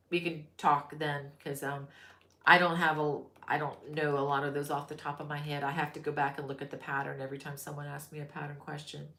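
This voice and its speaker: A woman's voice: sits low, fairly bright tone, roomy sound. A woman from Florida hosting a crochet live stream, chatting casually, reading viewer comments aloud and laughing easily. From Florida, USA.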